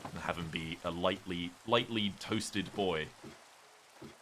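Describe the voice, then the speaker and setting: A British man with a notably deep voice, talking casually and meandering as he plays a game. He reads viewer messages out loud and chats back in a relaxed way. Faint rain noise sits under his voice. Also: measured pace. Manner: rambling, chatty, reads viewer messages aloud. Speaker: streamer. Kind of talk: casual gameplay chat.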